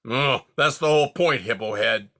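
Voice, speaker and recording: A man doing a gruff, snappish old porcupine. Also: medium pitch, normal speed. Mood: grumpy. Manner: gruff, snappish, louder than the narration. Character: grumpy old male porcupine, sharp-tongued.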